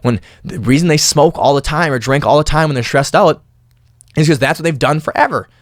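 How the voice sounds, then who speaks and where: Animated young man podcasting. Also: on the high side, a little fast, no echo, clean studio sound. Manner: animated, bursts into loud mimicked noises. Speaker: podcast host. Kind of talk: casual monologue.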